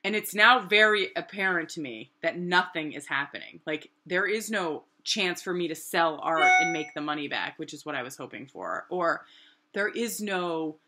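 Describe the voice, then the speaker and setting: A woman in her thirties from New Hampshire telling a personal story in a rambling, animated way with lots of fillers. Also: on the low side, normal speed. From New Hampshire, USA. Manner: animated, rambling, many "like" fillers, acts out quotes. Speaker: artist and vlogger.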